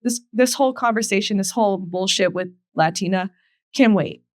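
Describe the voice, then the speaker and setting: A woman in her late twenties hosting a podcast, telling a story in casual chat, animated and profane, jumping higher when she quotes people. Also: normal speed, no room sound, clean studio sound. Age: late 20s. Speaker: podcast host.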